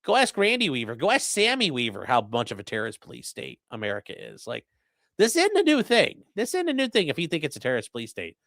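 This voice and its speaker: A streamer giving casual legal commentary and reading chat, blunt, profane and mocking, swinging between loud outbursts and low muttering. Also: huge pitch swings, fast, no echo, clean studio sound.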